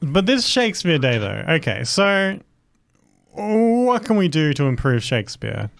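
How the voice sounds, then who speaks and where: A man co-hosting a casual comedy podcast, tossing out playful ideas in a halting way. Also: fairly high pitch, very animated, creaky, no room sound, clean studio sound. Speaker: podcast co-host.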